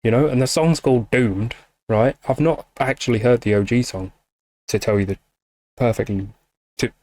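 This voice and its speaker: This music reaction host has a mid-range, darkish voice and speaks animatedly at normal speed, often pausing. His casual, emotional gushing is full of swearing and fillers.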